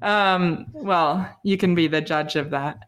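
A woman's voice: fairly low pitch, fairly bright tone. A woman co-hosting a podcast, chatting casually and telling stories with frequent giggles. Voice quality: quick, giggly storytelling. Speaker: podcast co-host. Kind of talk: casual chat.

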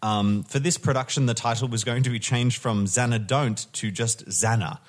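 Guy hosting a podcast, casual, keeps correcting himself, dry jokes, normal pitch. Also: steady tone, moderate pace. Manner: chatty, self-correcting, wry asides. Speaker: podcast host. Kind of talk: casual chat reading a show history.

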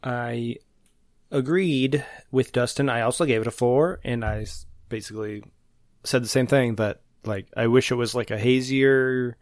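A man's voice: medium pitch, moderate pace, dry recording, studio quality. A man co-hosting a casual podcast, easygoing and full of hedges as he reviews a beer. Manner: easygoing, hedging with fillers. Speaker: podcast co-host. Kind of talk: casual chat.

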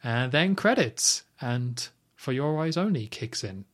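A man's voice: medium pitch, expressive, unhurried. A man in casual conversation about a film, recapping the plot with wry asides. His voice sits in the middle range. He acts out lines from scenes in passing. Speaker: podcast co-host. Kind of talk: casual film review chat.

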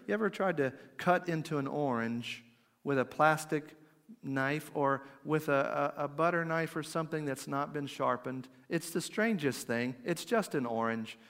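Middle-aged male preacher, conversational sermon, slightly high voice, long hall reverb. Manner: conversational, asks the audience questions; drops to a quiet, slow voice for emphasis.

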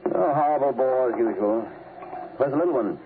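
A man's voice: medium pitch, a little fast, lightly acted. An actor playing a brusque army colonel and father who speaks in a curt, matter-of-fact way, in 1950s radio drama style, heard through a tinny, hissy old broadcast.

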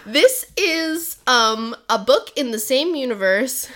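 Bright young woman chatting on a podcast, playful, voice jumps around a lot. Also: high voice, expressive, slow. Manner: playful, joking intro patter. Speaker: podcast co-host. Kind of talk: casual chat.

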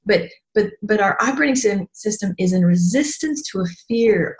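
A middle-aged woman speaks to an audience in a candid, emphatic motivational style. She swears freely and slips in and out of quoted voices. Her voice sits at an ordinary middle pitch for a woman. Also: expressive, moderate pace, few pauses, a little mellow. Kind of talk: motivational talk.

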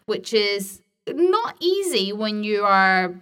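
A woman's voice: mid-range voice, big pitch swings, slow pace, a bit bright, clean tone. A woman hosting a casual podcast, telling chatty stories in a friendly way. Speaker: podcast host.

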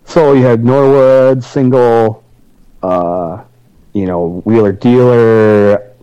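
A man co-hosting a casual sports podcast, animated and sarcastic, rambling through his points. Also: medium pitch, slow, clear, resonant tone, highs cut off. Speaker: podcast co-host.

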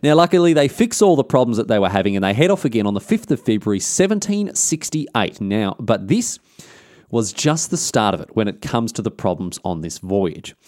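Fast, lively Australian man telling history. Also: lowish voice, no room sound, studio quality. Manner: animated, slangy, irreverent. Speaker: podcast host. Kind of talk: casual history storytelling.

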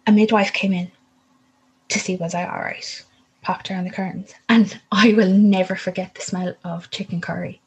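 A woman's voice: medium pitch, a little hiss or hum, low-quality recording. A young woman candidly telling her own birth story in casual talk, rambling and correcting herself as she goes. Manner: candid, rambling, self-interrupting, with laughs and swearing.

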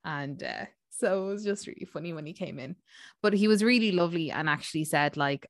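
A woman co-hosts a podcast in casual, chatty conversation, rambling with plenty of fillers. Her fairly low voice moves at a brisk pace. The studio sound is clean, with no echo.

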